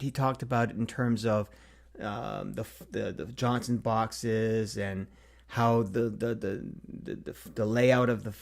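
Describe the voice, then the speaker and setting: A man's voice: lowish voice, gravelly. Man musing on marketing with fillers. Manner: thinks aloud with frequent fillers and restarts. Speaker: marketing consultant hosting a Q&A series. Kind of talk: casual solo talk to camera.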